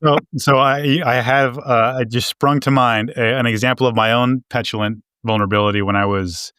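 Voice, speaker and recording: A man's voice: mid-range voice, steady tone, moderate pace, fairly bright tone, clear, resonant tone, no echo, studio quality. A man co-hosting a podcast, telling a story about himself candidly and self-deprecatingly. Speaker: podcast co-host. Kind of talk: casual conversational podcast.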